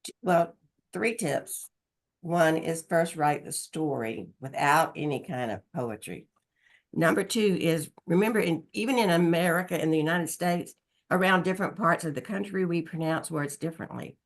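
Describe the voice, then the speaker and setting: A woman who writes children's books, sharing practical writing tips in a calm, steady way on a video call. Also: low-pitched, moderate pace. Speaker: guest children's author. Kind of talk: casual group chat on a video call.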